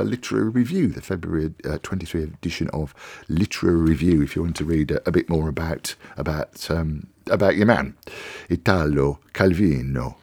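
A man's voice: low voice, gravelly, a little mellow, slightly rough, no echo. A man hosting a radio show, reading a short piece aloud and then chatting informally with fillers. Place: radio studio.

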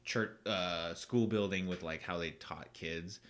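A man co-hosting a podcast in casual chat, rambling with many fillers and restarts and quick to laugh. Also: low-pitched, a bit bright. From United States. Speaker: podcast co-host.

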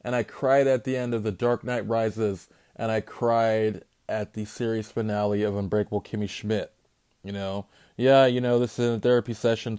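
A man's voice: fairly low pitch, warm tone, clear, resonant tone. A man, a parent, hosting a solo podcast in a candid, rambling, heavily profane monologue. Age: adult parent. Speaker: podcast host.

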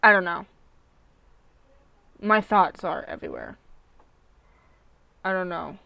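A young woman hosting a casual solo podcast, talking bluntly and profanely in a rambling rant that jumps between loud outbursts and low mutters. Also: huge pitch swings, takes it slowly, gravelly, no echo. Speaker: podcast host.

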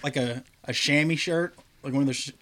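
A man's voice: fairly high pitch, brisk, fairly bright tone. Jokey man chatting on a podcast. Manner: joking, laughs often. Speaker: podcast co-host. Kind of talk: casual chat.

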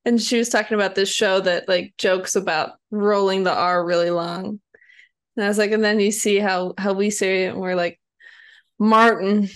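A woman co-hosting a casual book podcast, chatty and quick to laugh. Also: medium pitch, steady tone. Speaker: podcast co-host. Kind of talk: casual book-club chat.

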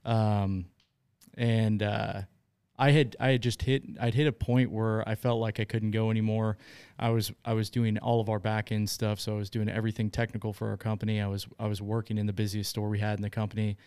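A man talking as a guest on an interview show, telling his stories in a loose, chatty way. His voice sits low and sounds smooth and clear. The recording around him is dry, with no room echo. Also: level tone, a little fast, darkish tone. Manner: chatty, laughs often while telling stories. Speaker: business owner, guest. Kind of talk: casual storytelling in an interview.

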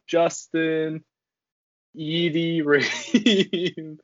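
A man's voice: fairly high pitch, fairly even intonation, extremely slow, dry recording. A young man guest on a podcast, eagerly telling a school story with laughter. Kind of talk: casual storytelling chat. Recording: slightly dull dry sound.

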